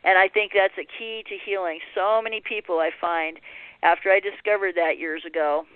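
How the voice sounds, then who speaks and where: A woman's voice: lowish voice, fairly even intonation, normal speed, no echo. A woman guest, a healer and author, speaking earnestly and reflectively about self-worth, with frequent fillers. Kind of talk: spiritual interview talk. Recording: tinny phone line, dry.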